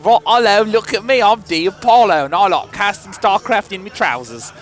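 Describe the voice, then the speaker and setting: An American man putting on a loud, theatrical British caster voice to mock his co-host. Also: sits high, moderate pace, faint music behind, voice pushed up, lightly acted. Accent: put-on British. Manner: loud, theatrical teasing impression.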